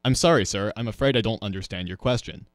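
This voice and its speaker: A man's voice: on the low side, fast, no echo, clean studio sound, natural voice. A man reading the lines of a nervous young cadet on trial, meek and apologetic.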